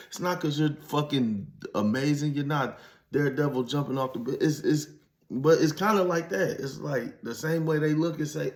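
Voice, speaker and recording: A former inmate telling his story in a casual, blunt, heavily profane monologue that rises to emphatic preaching. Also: mid-range voice.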